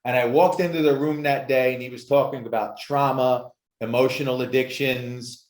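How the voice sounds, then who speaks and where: A man who works as an addictions success coach, telling his story with emphatic, animated energy in a podcast interview. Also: mid-range voice, normal speed. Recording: roomy echo.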